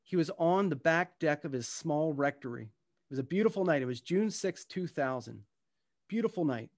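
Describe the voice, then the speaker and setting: A man's voice: fairly high pitch, animated. Earnest middle-aged man telling a story. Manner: earnest, heartfelt storyteller with halting restarts. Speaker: guest speaker and author. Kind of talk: personal storytelling talk with a book reading.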